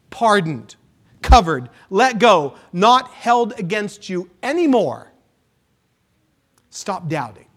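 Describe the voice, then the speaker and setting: A man preaching a sermon as pastor, with dramatic swings between hushed lines and loud, emphatic ones. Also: high voice. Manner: dramatic preaching with sudden hushed drops and rises.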